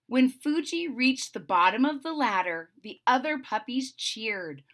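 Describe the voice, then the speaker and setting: A woman reading a children's picture book aloud as a channel host, pausing to explain the pictures. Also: a little high, animated. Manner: slow, gently explaining the pictures. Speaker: storybook read-aloud host.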